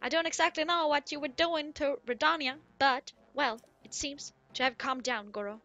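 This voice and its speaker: A woman reading game lines as a boisterous male rock-creature miner, putting on a loud, mock-gruff attempt at an Irish accent. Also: high-pitched, moderate pace, muffled recording, faint music behind. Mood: hearty. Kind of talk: reading game dialogue aloud in a put-on voice.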